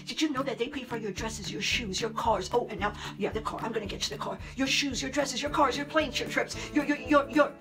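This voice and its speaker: This is a woman's voice, pitched a little high, delivering a casual vlog commentary. Her tone is sarcastic and mocking, and she often repeats phrases as she moves from point to point. Faint music plays in the background. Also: low-quality recording. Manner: sarcastic, mocking, addressing the subject directly; repetitive, keeps saying "fast forward" and "move on". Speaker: vlogger.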